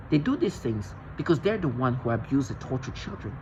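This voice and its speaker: A man's voice: medium pitch, big pitch swings, fairly quick, hardly any pauses, highs cut off, background noise. A man vlogging in an agitated, intense monologue, often restarting and repeating himself. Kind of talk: rambling monologue to camera.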